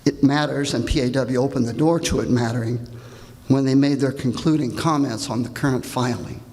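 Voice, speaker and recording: Indignant older man, gravelly voice. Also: mid-range voice, fairly even intonation, brisk, darkish tone. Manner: indignant, pointed. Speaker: public hearing speaker. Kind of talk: reading prepared public comment. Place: large hall. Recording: reverberant hall.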